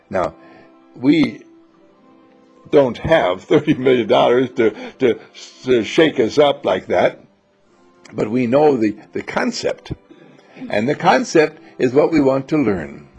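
A gravelly, husky man teaches an enthusiastic spiritual lecture. His delivery is repetitive and full of stories, with a lively voice that rises and falls. The recording sounds dull and lo-fi. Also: medium pitch. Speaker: seminar teacher.

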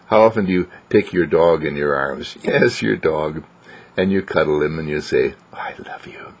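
A man with a low, gravelly voice delivers an inspirational spiritual talk. He speaks gently and without hurry, letting his tone sink to near-whispers. There is a husky edge to his voice. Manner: gentle and unhurried, dropping to soft whispers. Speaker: dean giving a daily spiritual message.

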